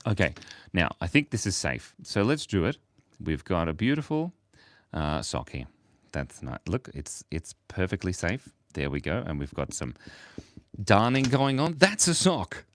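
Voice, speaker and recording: A man's voice: deep voice, sing-song, normal speed, slight background noise. A man live-streaming his drawing, chatting in a rambling, playful, self-mocking way and often chuckling. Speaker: livestream artist. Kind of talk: casual live-stream chat while drawing.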